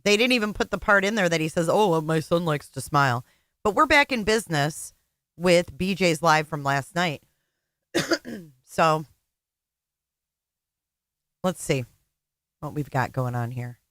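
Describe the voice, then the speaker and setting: A woman's voice: fairly low pitch, a little slow, long pauses, a bit bright, dry recording, clean studio sound. A woman hosting a commentary channel, making blunt, sarcastic, profane remarks about a livestream she is playing. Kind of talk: casual reaction commentary.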